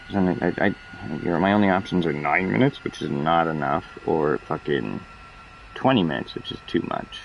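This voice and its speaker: Low, gravelly male streamer, loose profane play-by-play. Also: normal speed, highs cut off, slight background noise. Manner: rambling, profane, explains as he plays. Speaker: gameplay streamer. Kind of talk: casual gameplay commentary.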